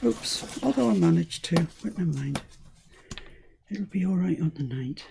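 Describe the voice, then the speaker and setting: A woman's voice: fairly low pitch, lively intonation, normal speed, creaky, background noise. A woman from the UK hosting a live crafting demonstration, chatting as she talks herself through each step. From United Kingdom. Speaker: crafting channel host.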